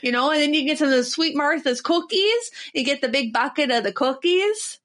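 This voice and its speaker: A woman's voice: high voice, animated, a little fast, a bit bright. A woman voicing a chatty Minnesota woman rambling about state fair food, with a put-on Minnesota accent. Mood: folksy. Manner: folksy, rambling, cheerful.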